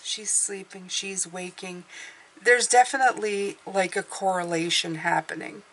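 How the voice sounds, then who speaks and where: A woman's voice: medium pitch, steady tone, a little slow, fairly bright tone, a little hiss or hum. A woman giving an intuitive tarot reading, speaking in a meandering, hesitant way as she thinks aloud. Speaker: tarot reader.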